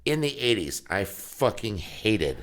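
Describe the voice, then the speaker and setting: A man's voice: lowish voice, very animated, a little slow, fairly bright tone. A middle-aged man trading crude, joking stories in a casual podcast chat. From Colorado.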